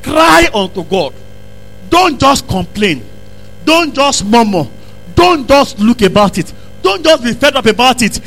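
A man preaching a sermon, repeating phrases and breaking into emphatic shouts. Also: very high voice, big pitch swings, measured pace, low-quality recording. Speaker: pastor.

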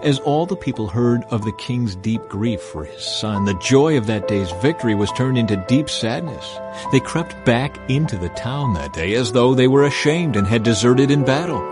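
A man narrating a Bible passage in a measured, solemn reading style. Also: mid-range voice, lively intonation, over music. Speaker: Bible reader. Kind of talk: scripted narration.

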